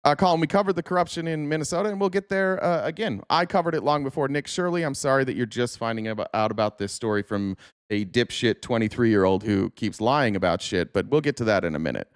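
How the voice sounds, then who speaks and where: Sarcastic guy hosting a stream, smooth voice, dead dry sound, riffs on the chat. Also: medium pitch, fast talker, no echo. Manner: sarcastic, talks back to chat. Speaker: host. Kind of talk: casual political livestream commentary.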